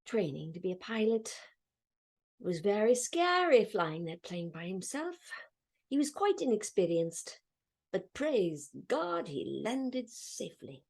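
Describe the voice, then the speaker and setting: A woman's voice: mid-range voice, gravelly, darkish tone. A middle-aged woman teaching a children's grammar lesson, patiently drilling question-and-answer chants.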